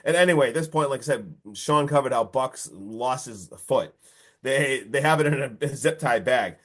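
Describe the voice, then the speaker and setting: A man co-hosting a podcast, recapping a horror movie in casual, excitable chat full of fillers and mild swearing. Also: mid-range voice, normal speed. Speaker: podcast co-host.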